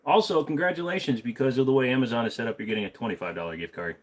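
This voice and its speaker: A man's voice: mid-range voice, racing. A middle-aged man hosting a casual livestream, answering chat with blunt jokes and humming between topics. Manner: blunt, joking, trails off into humming.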